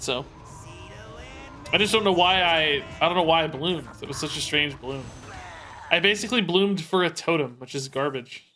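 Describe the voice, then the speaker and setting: A man's voice: on the high side, pushed and bright, slight background noise. A man streaming live, commenting on his gameplay, thinking aloud and picking apart his own moves. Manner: thinks aloud, self-critical, repeats himself. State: sore and tired from sport. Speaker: game streamer.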